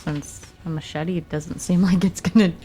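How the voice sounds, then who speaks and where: A woman playing a tabletop role-playing game, thinking aloud at an unhurried pace. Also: on the low side, steady tone, warm tone, slight background noise. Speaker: player. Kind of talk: casual tabletop play.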